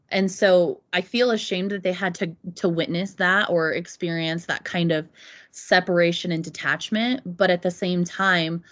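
A woman in her thirties, a podcast guest, speaking candidly and reflectively about hard personal experiences, often restarting her sentences. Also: fairly low pitch. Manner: earnest and reflective, with frequent restarts. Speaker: podcast guest, Navy mother.

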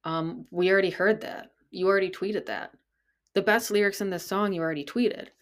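A woman's voice: mid-range voice, fairly quick. A woman hosting a casual solo podcast, talking in an incredulous, exasperated way and swearing freely. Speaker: podcast host.

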